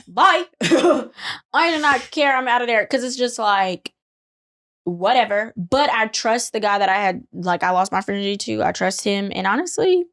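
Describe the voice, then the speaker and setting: A young adult woman co-hosting a casual chat, telling stories in an animated way, acting out quotes with big jumps in pitch and laughter. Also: normal speed, no echo, studio quality. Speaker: podcast co-host.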